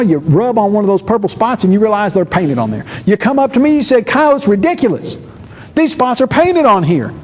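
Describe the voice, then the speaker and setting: A man giving an animated church seminar lecture, acting out quoted speakers with quick shifts of voice. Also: a little hiss or hum. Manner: lively, acts out quoted speakers with shifting pitch.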